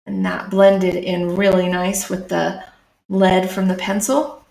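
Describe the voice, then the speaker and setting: A woman talks slowly and easily while she draws, narrating each stroke for her live stream. Her voice has a gravelly edge, and the room gives it a noticeable echo. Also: fairly low pitch, flat delivery, warm tone. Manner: chatty, talks through her work. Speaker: streamer and artist. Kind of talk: live-streamed drawing commentary.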